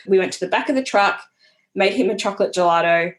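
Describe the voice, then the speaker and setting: A woman's voice: on the low side, fairly quick. A young adult woman, a podcast guest speaking in an earnest, reflective storytelling manner. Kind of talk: casual conversational interview.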